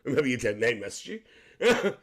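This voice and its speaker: A man's voice: medium pitch, sing-song, slow, vocal fry, exaggerated voice. A man voicing a cheeky, gossipy middle-aged Northern Irish aunty who chats with live-stream viewers and calls them dear. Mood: chatty. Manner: chatty, calls everyone dear, laughs often. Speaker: livestream host.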